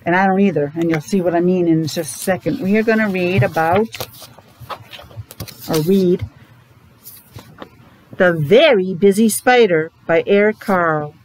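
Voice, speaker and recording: A woman's voice: on the low side, unhurried, long pauses, a little mellow, slight background noise, poor audio. A woman teacher with a Rhode Island accent, chatting to her students as she introduces a picture book, making playful animal sounds.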